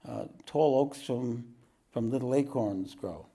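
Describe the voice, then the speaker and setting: An East Coast American spiritual teacher gives a relaxed talk to a group in a room, speaking slowly in a dark, mellow, medium-pitched voice. He clears his throat often and drifts into jokes along the way.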